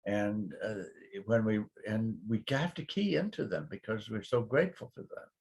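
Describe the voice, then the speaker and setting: A man's voice: fairly low pitch, normal speed, husky. An older man, a guest minister, telling rambling stories in a casual spiritual chat. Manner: rambling, animated storytelling with put-on quoted voices.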